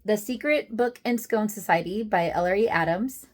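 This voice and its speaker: A woman's voice: medium pitch, normal speed. A woman book vlogger chatting casually to camera, self-deprecating, with many fillers.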